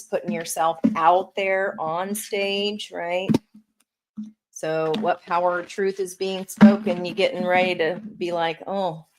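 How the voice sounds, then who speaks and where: Slow-talking woman reading tarot. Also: on the low side, noisy background. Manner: chatty, encouraging, addresses viewers directly. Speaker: tarot reader.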